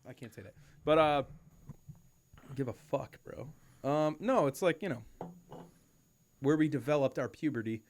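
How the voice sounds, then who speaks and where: A young man co-hosting a podcast in casual chat, animated and swearing freely as he riffs. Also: mid-range voice, moderate pace, long pauses, slight background noise. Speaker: podcast co-host.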